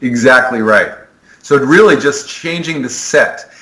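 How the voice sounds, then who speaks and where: Speaking at a measured pace in a sharp, medium-pitched voice, a male sport psychologist earnestly explains ideas in conversation during a podcast interview, often restarting sentences. The audio is poor.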